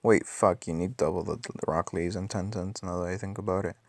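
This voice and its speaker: Raspy man, just out of bed, deep gravelly voice, dry close sound; casual game commentary, muttered calculations. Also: fairly even intonation, fairly quick, dry recording. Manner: thinks aloud with many ums and self-corrections. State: just woke up. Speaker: mobile game player.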